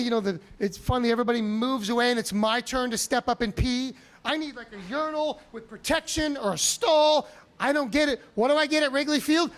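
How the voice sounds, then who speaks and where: A comedian from Chicago telling animated stories on a comedy club stage, with sudden loud outbursts. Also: male voice, extremely high pitch. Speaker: stand-up comedian. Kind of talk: stand-up set.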